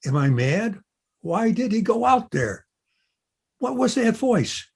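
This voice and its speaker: Man playing a gentleman traveler, well-spoken, skeptical, higher voice, radio drama. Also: very animated, takes it slowly, creaky, a little hiss or hum, full character voice. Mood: alarmed. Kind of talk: 1930s-style radio drama acting.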